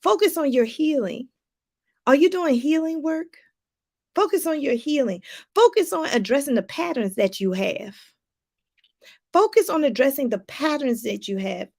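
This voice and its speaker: High-voiced woman life coach preaching. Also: expressive, moderate pace, gravelly, a little mellow. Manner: preachy, repeats phrases for emphasis; talks straight to viewers with casual asides. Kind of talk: motivational talk to viewers.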